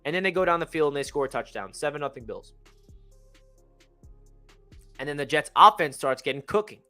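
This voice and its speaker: A young man excitedly recapping a football game as a fan channel host, rambling and correcting himself as he goes. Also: on the high side, fairly quick, soft background music. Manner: energetic, rambling, self-correcting.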